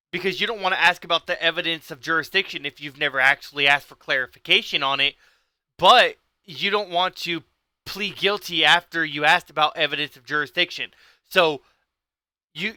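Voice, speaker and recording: A man's voice: high voice, pushed and bright, dry recording. A man hosting a livestream, talking in an intense, heated way that builds into a rant. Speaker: livestream host. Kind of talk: livestream talk.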